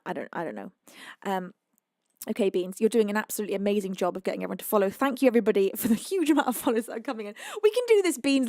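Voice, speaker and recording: A British woman hosting her own music livestream, chatting casually and excitedly to viewers with many fillers and restarts. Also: mid-range voice, dry recording, studio quality. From United Kingdom. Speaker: singer and livestream host.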